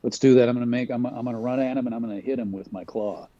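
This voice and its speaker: A man playing an online tabletop game, speaking in a hesitant, deliberate way. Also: mid-range voice, steady tone, no room sound, lo-fi sound. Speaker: player.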